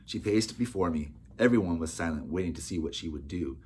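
A man narrating an audiobook in a steady storytelling manner. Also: sits low, a little fast, slight background noise. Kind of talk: scripted narration.

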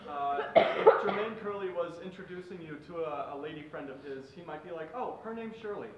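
A man doing live improv puns and taking suggestions from the audience, talking in a halting way with fillers. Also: a little high, a crowd in the background. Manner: animated, punning, halting with fillers. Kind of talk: live improv pun game. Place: performance room with a live audience. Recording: very echoey room, mic far off, background noise.

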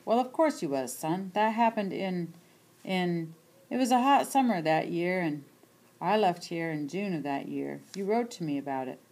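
A proud old grandmother, put on by a woman reading aloud, talks in plain rural dialect. Her voice rises above a low reading tone and presses every point. It is a stubborn, insistent storybook grandmother. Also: lively intonation, moderate pace, darkish tone.

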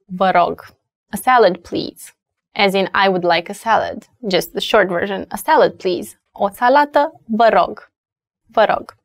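Slow-paced Romanian woman teaching words. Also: mid-range voice, dry recording, studio quality. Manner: patient, repeats words slowly for learners. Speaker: language teacher. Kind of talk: language lesson.

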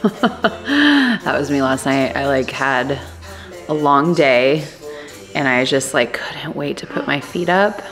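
A woman's voice: very deep voice, lively intonation, slow pace, fairly bright tone, soft background music. A young, heavily pregnant woman vlogging casually at home, chatty and giggly with lots of fillers. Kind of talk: casual vlog talk to camera.

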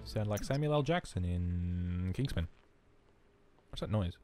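A man talks through a life-sim game alone in his room, wandering from one jokey aside to the next and poking fun at himself. His pitch swings widely as he reacts, and faint music plays underneath. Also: animated, measured pace, dark tone. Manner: rambling, self-mocking, jokey asides. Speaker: gaming commentator. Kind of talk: let's play commentary.

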